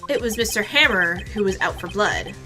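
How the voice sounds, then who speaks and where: A woman's voice: mid-range voice, expressive, brisk, music in the background, lightly acted. A woman voicing an earnest young male defense lawyer, arguing dramatically in a courtroom game playthrough. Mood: explaining.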